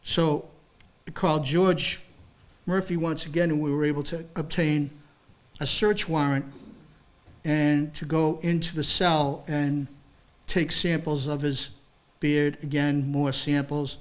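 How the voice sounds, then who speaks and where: A man's voice: on the high side, level tone, slow pace. An older man, a retired police detective, recounting a case to an audience. He reads formal report wording and breaks in with casual asides. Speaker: retired police detective speaking at a library talk. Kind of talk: storytelling, reading from a case report.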